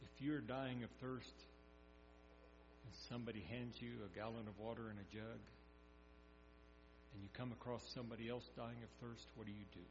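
A man's voice: mid-range voice, steady tone, moderate pace, pauses often. A man preaching a sermon, telling scripture stories in a folksy way and acting them out. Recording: echoey hall, dull sound, mains hum.

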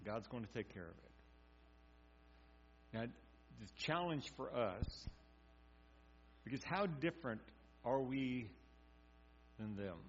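A man preaching a sermon, talking like a conversation, acting out quotes and dropping to a quiet intensity. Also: medium pitch, lively intonation, slow pace, long pauses. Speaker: pastor. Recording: dull muffled sound with mains hum.

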